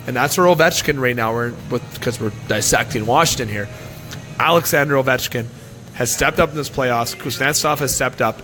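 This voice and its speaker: Casting note: talkative Canadian man hosting a sports show, energetic, faint music behind him. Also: medium pitch. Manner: rambling, opinionated, energetic. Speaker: sports talk show host. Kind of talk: casual hockey talk. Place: restaurant.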